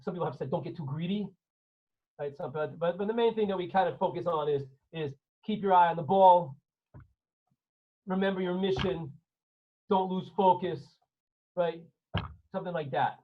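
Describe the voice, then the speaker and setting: Rabbi guy teaching an online class, jokey n theatrical, high husky voice, a bit muffled like a call. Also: normal speed, long pauses. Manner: animated, theatrical, joking. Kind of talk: online class storytelling lesson. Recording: slightly dull online call audio.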